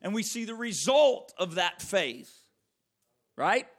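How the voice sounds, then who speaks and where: A man with a notably high voice delivers a sermon, reading scripture aloud. He leans hard on repeated phrases and stretches key words for emphasis. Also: big pitch swings, slow, a bit bright. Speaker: preacher.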